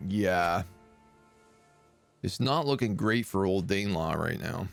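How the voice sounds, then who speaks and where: A man's voice: sits low, lively intonation, slow, gravelly, soft background music. A man streaming a strategy game, thinking aloud in casual, chatty live commentary.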